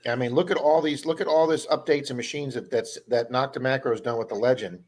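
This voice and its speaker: A man's voice: mid-range voice, fast, a little mellow. A man hosting a casual live stream, telling long stories and acting out the people he met. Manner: rambling storyteller, acts out quoted people. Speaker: live stream host, metal detectorist.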